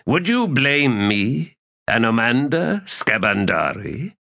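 A man voicing a cruel, mocking male figure with a slow, sneering delivery. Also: medium pitch, big pitch swings, vocal fry, bright, forceful tone, pitched above the performer's own voice, exaggerated voice.

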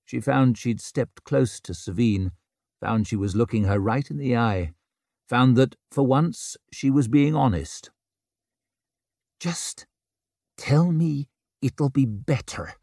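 A man narrating a fantasy audiobook in a measured, scripted way, recorded close to the mic. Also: mid-range voice, creaky, darkish tone, dry recording. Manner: measured, unhurried.

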